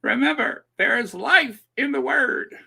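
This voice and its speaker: A man's voice: extremely high pitch, measured pace, gravelly, bright, forceful tone, husky, voice pushed up, exaggerated voice. An emphatic, preachy woman evangelist, as a man puts her on, raised well above his usual voice. She stretches her words like a sermon.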